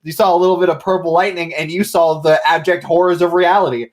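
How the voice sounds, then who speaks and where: A man's voice: a little high, steady tone. Laughing male game master narrating. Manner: laughing, swearing, acting out characters in quick quotes.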